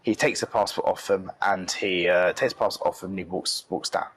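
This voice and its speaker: A man's voice: deep voice, steady tone, fairly quick, fairly bright tone, slight background noise, rough recording. A young man from the UK telling an interviewer an upsetting travel story, emotional and often repeating himself. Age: young adult. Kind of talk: casual storytelling.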